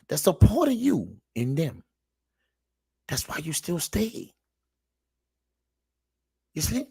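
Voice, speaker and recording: A man lectures his audience like a street preacher, and his voice leaps all over its pitch range. Low, muttered asides give way without warning to loud, emphatic shouting. He circles back to repeat his points and keeps calling on listeners to pay attention. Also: creaky, breathy edge, no echo, studio quality. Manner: sermon-like, repeats himself, calls out to the audience. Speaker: online show host reacting to clips. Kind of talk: preachy reaction commentary.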